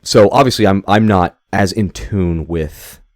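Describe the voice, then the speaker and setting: Deep-voiced man, rambling podcast chat. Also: measured pace, faint music behind. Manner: rambling, profane, many restarts. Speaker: podcast co-host. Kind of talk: casual chat.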